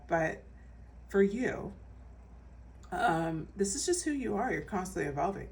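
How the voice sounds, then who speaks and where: A woman's voice: medium pitch, lively intonation, measured pace, distant mic. A woman giving a casual pick-a-card tarot reading in a chatty, reassuring way, with many fillers and restarts. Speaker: tarot reader.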